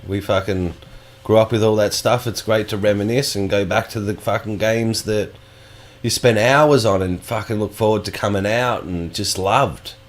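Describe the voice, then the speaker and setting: Man, low-pitched, sweary rambling podcast co-host. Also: normal speed. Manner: sweary, rambling, laid-back. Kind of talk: casual chat.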